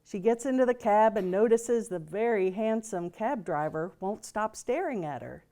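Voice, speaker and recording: In a gathering room, a woman reverend chats through a humorous, informal sermon, often restarting and leaning on fillers. She has a warm, expressive mid-range voice at normal speed.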